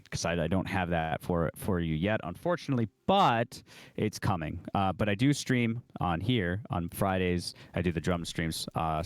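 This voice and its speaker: A man's voice: sits low, clean tone, dry recording. A young man, a guest drummer, chatting casually on a live podcast with many fillers and restarts.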